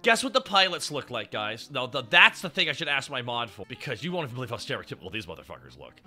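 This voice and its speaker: A man streaming, chatting with his chat in an animated way, swearing and laughing often. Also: medium pitch, quick pace, soft background music. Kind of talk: casual chat.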